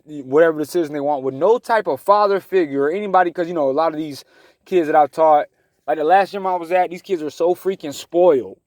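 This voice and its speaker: This talk show host, a man in his thirties, lives in his car in the woods. His voice is fairly high with a darkish tone and a dry recording, and he rambles heatedly through a personal monologue, frequently starting over.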